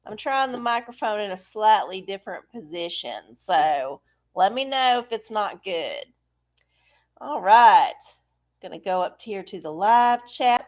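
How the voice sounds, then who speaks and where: A middle-aged woman, hosting a live stream in a breezy, folksy way and cursing casually. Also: medium pitch. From Texas. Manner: breezy, cussing, folksy, greeting viewers. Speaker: livestream tarot host.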